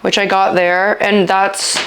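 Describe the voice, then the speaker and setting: Woman, vlogger, middle pitch, casual storytelling, rambling, lots of filler words, halting, trails off. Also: level tone, fairly bright tone. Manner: halting, trailing off when upset.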